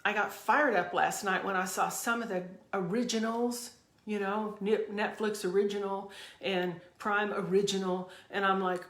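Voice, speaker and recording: A woman's voice: medium pitch, fairly even intonation, moderate pace, fairly bright tone. A woman hosting her own podcast, delivering a fervent, emphatic motivational rant full of repeated phrases. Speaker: podcast host. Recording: echoey room.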